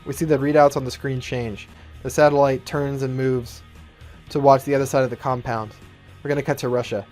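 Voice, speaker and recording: Male YouTuber, steady plain narration of a fan movie plot, mid pitch. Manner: plain, steady storytelling, light commentary.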